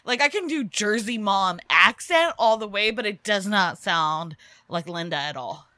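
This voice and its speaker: A young woman chats casually as a co-host, playful and quick to laugh. Her voice is bright and swoops up and down. The sound is dry and close. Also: mid-range voice, animated, no room sound. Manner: giggly, playful, laughs often. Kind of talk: casual chat.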